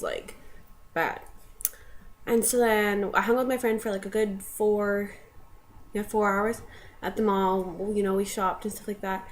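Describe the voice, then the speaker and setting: A young woman in a mid-range voice tells a personal story to the camera in a casual, rambling way, packed with fillers. While quoting, she bursts into tearful laughter, with slight background noise in the recording.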